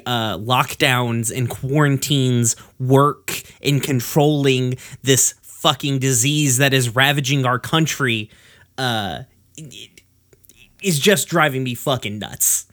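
A man in a loose podcast chat, venting his frustrations in a steady, mid-pitched voice. He swears constantly and rants his way through long, winding runs of thought. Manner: profane, ranting.

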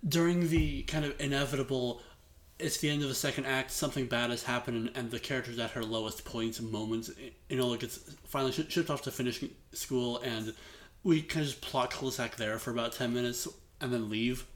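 A man's voice: medium pitch, fairly even intonation, a little fast. A man in his late twenties co-hosting a podcast, talking casually with lots of fillers and hedging. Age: late 20s. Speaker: podcast co-host. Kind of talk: casual chat.

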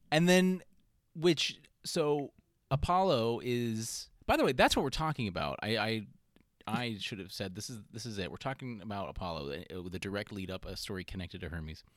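Man, podcast co-host, rambling casual chat, low voice, dry close mic. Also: no room sound. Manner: animated, rambling, quick impressions of gods. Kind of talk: casual chat about mythology.

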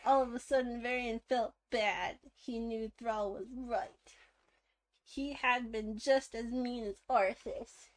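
A woman with a fairly high voice reads a children's book slowly and plainly. She doesn't put on any character voices and keeps her delivery matter-of-fact. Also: fairly even intonation. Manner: plain, unvoiced reading with chuckles. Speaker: co-host reading a children's book. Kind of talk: casual comic read-along.

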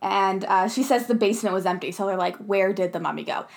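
A woman's voice: medium pitch, quick pace, vocal fry. A young woman co-hosting a casual podcast, giggly and eager to quote favorite movie lines. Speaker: podcast co-host. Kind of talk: casual chat recapping a movie.

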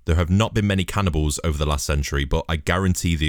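Deep-voiced man, casual sweary comic monologue, dry close sound. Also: rapid-fire, hardly any pauses, no echo. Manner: sweary, rambling, sardonic.

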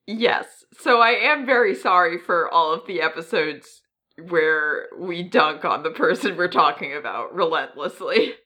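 A woman's voice: fairly low pitch, expressive, measured pace, sharp tone. A woman co-hosting a podcast in casual chat, talking in a hesitant way with many ums and self-deprecating asides. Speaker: podcast co-host.

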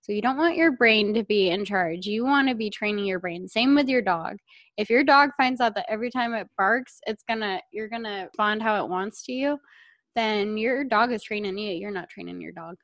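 A woman co-hosting a casual coaching podcast, chatty and animated, telling stories and laughing easily. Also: medium pitch, moderate pace, no room sound. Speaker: podcast co-host.

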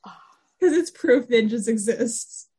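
Animated woman recapping a TV episode. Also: on the high side, takes it slowly, husky. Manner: animated, acts out lines from scenes. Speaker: podcast co-host. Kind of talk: casual chat recapping a TV episode.

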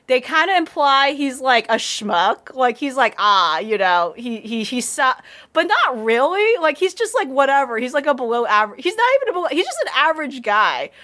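A woman's voice: high-pitched, very animated, moderate pace, pushed and bright. A woman in casual anime review chat, rambling, swearing, and laughing often.

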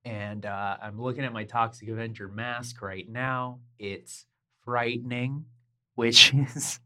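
A woman co-hosting a casual podcast from home, chatting in a rambling way and getting loud when excited. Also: a bass voice, takes it slowly. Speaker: podcast co-host. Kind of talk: casual chat. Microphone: home mic over a voice call.

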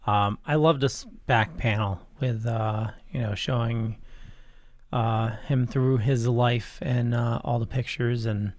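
Casting: man, mid pitch, slow and halting in comics-podcast chat. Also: fairly even intonation, a little mellow. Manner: halting, many fillers.

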